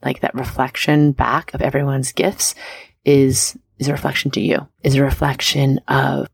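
Woman podcast host, gravelly fry throughout, close and dry. Bubbly, affirming, coaching. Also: rumbling low, flat delivery, normal speed, no room sound. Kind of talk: casual motivational talk.

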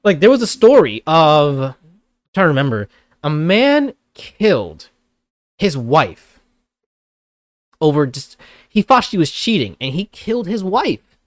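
A man's voice: on the high side, sing-song, unhurried, pauses often, no room sound, studio quality. A young adult man co-hosting a casual podcast chat, talking bluntly and animatedly, swearing and laughing often. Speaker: podcast co-host.

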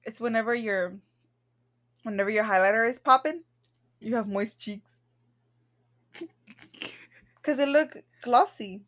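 A playful woman guesses answers in a relaxed podcast chat, joking and laughing along. Her voice sits high. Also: a little slow, long pauses. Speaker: podcast co-host guessing in a quiz. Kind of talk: casual chat.

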